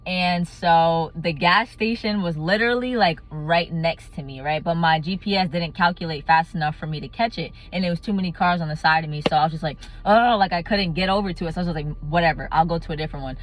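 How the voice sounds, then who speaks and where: A young adult woman telling a casual storytime vlog, animated and laughing often. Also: fairly low pitch, quick pace, hardly any pauses. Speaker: vlogger.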